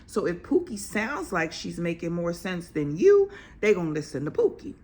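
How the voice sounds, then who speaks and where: Her lowish, slightly mellow voice swoops wildly in pitch while keeping a moderate pace. She's an OB-GYN physician hosting a podcast, speaking to her audience about health in casual slang, blunt and emphatic throughout.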